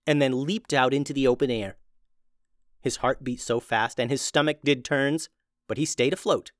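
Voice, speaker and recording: A man narrating a children's fantasy adventure in a steady, even reading voice. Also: mid-range voice, no echo, studio quality. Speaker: storyteller.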